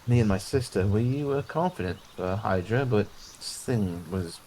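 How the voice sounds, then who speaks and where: A man's voice: fairly low pitch, lively intonation, moderate pace, warm tone, slight background noise. A man voicing a proud, grateful woman warrior in a tabletop game. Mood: gracious.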